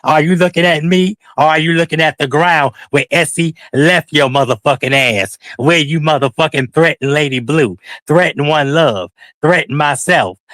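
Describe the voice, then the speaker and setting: A man's voice: a little high, fairly bright tone, no echo. A man streaming commentary, who rants at someone and taunts them with profanity. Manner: profane, taunting, confrontational ranting. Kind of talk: livestream commentary.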